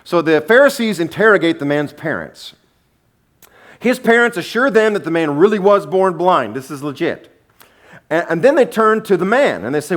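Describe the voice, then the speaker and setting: A male pastor delivers a sermon with a lively, swooping delivery and a voice pitched slightly high. He retells the story with humor and sarcastic asides. He acts out the lines of each character as he goes. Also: normal speed. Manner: animated storytelling, acting out quotes with shifting voices.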